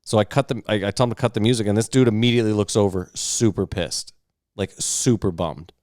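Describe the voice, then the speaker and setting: A man co-hosting a podcast, telling a long, profane, animated anecdote in casual chat. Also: fairly low pitch, fairly quick, no echo, studio quality. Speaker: podcast co-host. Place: podcast recording setup.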